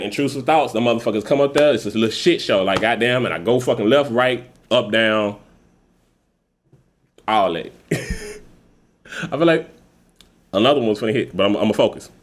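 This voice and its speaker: A man's voice: medium pitch, big pitch swings, normal speed. A man in his thirties hosting a podcast, talking casually with heavy profanity and rambling, laughing tangents. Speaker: podcast host. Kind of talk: casual venting monologue.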